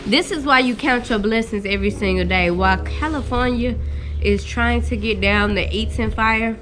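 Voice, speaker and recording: A woman's voice: fairly high pitch, normal speed. A woman giving a playful, mock weather report outdoors in the snow, drawing out words for emphasis in a teasing way. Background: loud background music.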